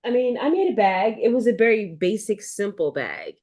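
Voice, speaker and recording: A woman's voice: mid-range voice, sing-song, normal speed, a little mellow. A woman hosting a live sewing chat, talking casually and rambling with fillers and restarts. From United States East Coast. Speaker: livestream host.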